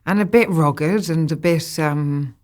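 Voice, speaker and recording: An Irish woman in her thirties, a guest actor chatting casually in an interview, lively and often laughing. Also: low-pitched, measured pace. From Ireland.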